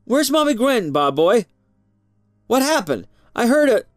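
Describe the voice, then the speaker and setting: A storyteller voicing an alarmed father who calls out loudly and urgently. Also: mid-range voice, big pitch swings, a little slow, no room sound, studio quality, faint music behind, pitched above the performer's own voice. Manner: loud, urgent calling.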